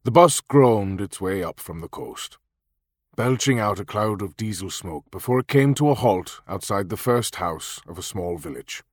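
Guy narrating an audiobook, lowish voice, steady measured reading, dry close mic. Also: husky, dry recording. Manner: measured, even storytelling.

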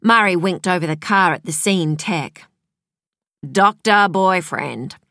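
A woman reading a crime novel aloud as audiobook narrator, in a measured, even storytelling manner. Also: lowish voice, dry recording, studio quality. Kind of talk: scripted narration.

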